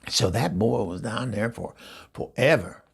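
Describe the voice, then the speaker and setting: Man doing gravelly gossipy old gal Eunice. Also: mid-range voice, expressive, measured pace, heavily acted. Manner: rambling, gossipy storytelling with stammered restarts. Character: bawdy chatty middle-aged woman named Eunice. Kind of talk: comedy character monologue.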